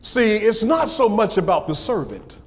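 A man preaching a sermon as a pastor, impassioned, rising into sung cries and dropping to hushed lines. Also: high-pitched, very animated, moderate pace, long reverb tail.

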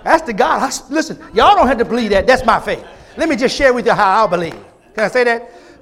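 A male pastor preaching a fervent sermon, swinging between loud, emphatic repetition and hushed, intimate moments, with folksy asides to his congregation. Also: very high voice, lively intonation, fairly quick.

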